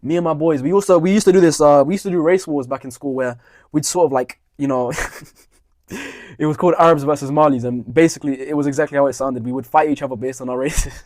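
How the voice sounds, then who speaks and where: Fast-talking young man ranting. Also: mid-range voice, darkish tone, no room sound, clean studio sound. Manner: profane, heated, blunt. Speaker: vlogger. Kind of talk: ranting storytime monologue.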